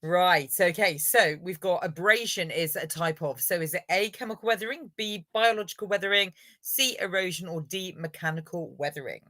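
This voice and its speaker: A woman's voice: lowish voice, normal speed, hardly any pauses, fairly bright tone, no echo. A woman hosting a live online revision lesson, encouraging viewers and running a quiz. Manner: encouraging, upbeat, praises viewers.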